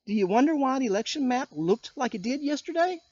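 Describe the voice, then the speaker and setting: A man's voice: extremely high pitch, lively intonation, quick pace, darkish tone, no room sound, dull audio. Indignant man ranting on a vlog. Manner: indignant, addresses people directly with rhetorical questions. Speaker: YouTuber. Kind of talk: political rant vlog.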